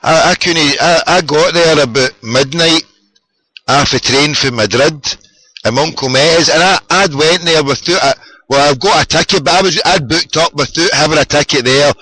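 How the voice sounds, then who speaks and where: A Scottish man telling football-trip stories in a sweary, excitable casual chat. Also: on the high side, rough recording.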